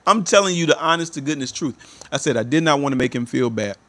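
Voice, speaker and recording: A man's voice: medium pitch, quick pace. Emphatic man telling a story. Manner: emphatic, repeats assurances of truth. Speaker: motivational speaker. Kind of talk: storytelling talk to viewers.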